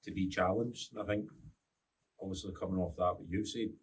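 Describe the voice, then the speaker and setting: A man's voice: sits low, fairly even intonation, fairly quick, distant mic. A man hosting a podcast, teasing his guests and asking probing questions. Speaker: podcast host. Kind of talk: casual podcast interview.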